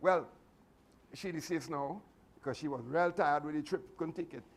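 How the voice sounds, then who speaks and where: A man's voice: fairly high pitch, moderate pace. A man, a martial arts instructor giving a motivational speech to his students, earnest and repetitive with many restarts. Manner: fatherly advice giving.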